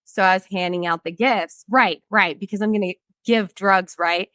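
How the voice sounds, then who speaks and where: A woman's voice: mid-range voice, moderate pace, a bit bright, no echo. A woman in her thirties, a guest in an interview, telling a personal story bluntly and with frequent swearing, acting out what other people said.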